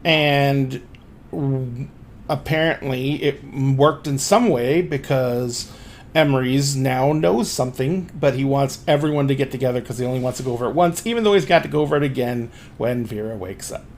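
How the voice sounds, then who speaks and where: A man voicing a blunt, wry young woman in a tabletop game, deadpan and swearing casually. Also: medium pitch, moderate pace, slight background noise, close to an everyday voice.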